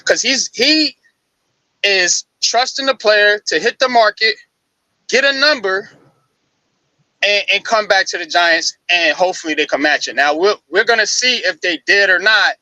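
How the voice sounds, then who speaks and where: A man breaking down football news on a live sports talk show, casual and animated, with frequent restarts. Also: high-pitched, moderate pace, no echo, poor audio.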